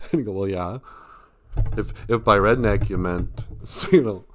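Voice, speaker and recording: Low-voiced man rambling through a comedy stream. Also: normal speed, a little hiss or hum. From Ojibwe community. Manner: rambling and self-deprecating, laughs often. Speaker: comedian and live stream host. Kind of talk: casual comedic live stream chat.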